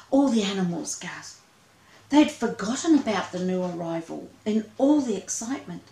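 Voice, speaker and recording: A woman reading a children's story aloud in a slow, expressive way. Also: mid-range voice, vocal fry, echoey room, poor audio.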